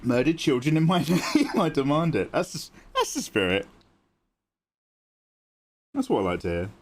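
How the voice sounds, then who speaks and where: A man's voice: a little high, wildly swooping pitch, moderate pace. A British man chatting playfully and joking with viewers during a drawing livestream. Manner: playful, jokey, thanks viewers by name. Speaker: art livestreamer. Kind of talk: casual livestream chat while drawing.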